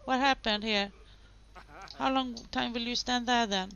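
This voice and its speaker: A woman's voice: fairly high pitch, fairly even intonation, a little slow, a bit bright, smooth, lo-fi sound. A woman hosting a gaming video, giving casual commentary and chatting to the game characters.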